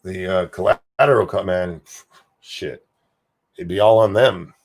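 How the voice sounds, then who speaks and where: A man with a lowish voice talks loosely on a home livestream, drifting between thoughts and swearing offhandedly. He reads viewer comments aloud and answers them in an easygoing, unscripted way. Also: measured pace, gravelly. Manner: rambling, profane, offhand. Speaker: livestream host. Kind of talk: casual livestream chat, reading viewer comments.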